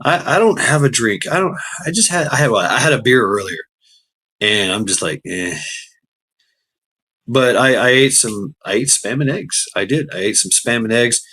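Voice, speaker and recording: A man's voice: mid-range voice, animated, normal speed, bright, forceful tone, slightly rough. A tired man hosting a casual livestream, rambling and swearing as he greets chatters by name. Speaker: livestream host.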